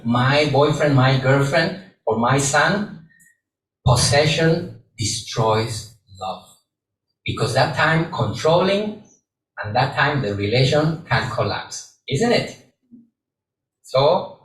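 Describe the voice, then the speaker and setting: A man, a Buddhist monk, giving a gentle sermon to a live audience and repeating phrases for emphasis. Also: medium pitch. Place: large echoey hall with audience. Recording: roomy hall, distant mic, faint background hum.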